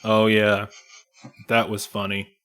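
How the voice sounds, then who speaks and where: Expressionless male dwarf guard, as a man plays him, dead monotone. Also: on the low side, slow. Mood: deadpan. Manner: monotone, deadpan.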